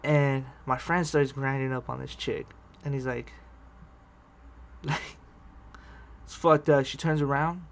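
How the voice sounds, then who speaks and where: Slow and creaky, with long pauses, a steady mid-range male voice tells a rambling personal story on his vlog. The vlogger swears freely, starts sentences over, and laughs often as he spins his casual tale.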